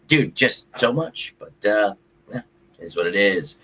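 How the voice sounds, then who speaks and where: A man's voice: medium pitch, moderate pace, pushed and bright, slightly rough. A man hosting a sports livestream, venting his frustration in casual, profane chat and reading out viewer comments. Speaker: sports show host.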